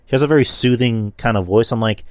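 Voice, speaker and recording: A man's voice: mid-range voice, fast, clean tone, no room sound, clean studio sound. A man talking in casual podcast chat, blunt and opinionated, with casual swearing.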